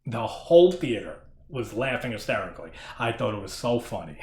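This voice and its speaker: A man's voice: on the low side, expressive, brisk, a little mellow, roomy sound. A man giving a casual horror movie review who laughs often, swears casually and rambles.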